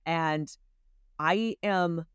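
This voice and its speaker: A woman's voice: deep voice, very slow, smooth, no echo, clean studio sound. A woman in her thirties, a podcast guest, chatting casually and animatedly, laughing often and acting out her own inner voice. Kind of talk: casual interview chat.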